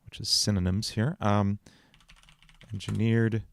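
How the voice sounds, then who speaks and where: Low gravelly man chatting on a livestream. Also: flat delivery, unhurried, no room sound. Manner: thinking aloud with fillers, answering chat. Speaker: musician and livestream host. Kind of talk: casual livestream songwriting chat. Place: home studio.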